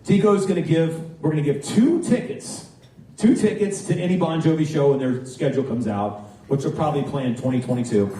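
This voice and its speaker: Man, charity auctioneer, chatty and joking, fast bid calls, very echoey, distant mic. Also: on the high side, dark tone, a little hiss or hum. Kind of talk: live charity auction patter. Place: large banquet hall.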